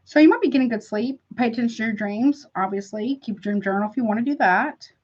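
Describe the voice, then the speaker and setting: A woman reads tarot for her viewers in a loose, chatty livestream, calling them honey and baby. Her voice sits fairly high, and she talks frankly with rambling asides. The recording sounds dull and lo-fi. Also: fast, a little mellow. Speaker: tarot reader. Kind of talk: casual tarot reading livestream.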